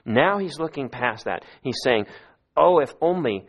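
A man's voice: medium pitch, lively intonation, a little slow, breathy edge. A man preaching an expository sermon, earnest and often pleading as he voices the verses he reads. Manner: earnest, pleading when quoting scripture.

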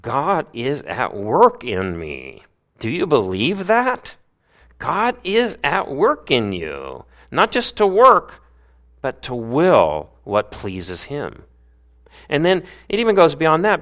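A man preaching a sermon as a pastor, with animated delivery that swings between loud emphasis and hushed asides, acting out grumbling voices. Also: on the high side, slow.

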